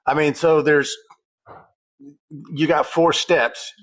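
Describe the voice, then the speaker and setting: A man's voice: fairly high pitch, fairly even intonation, slow pace, a bit bright, rough recording. A man co-hosting a livestream who chats casually and walks through steps in an easygoing way. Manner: easygoing, explains step by step. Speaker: livestream co-host.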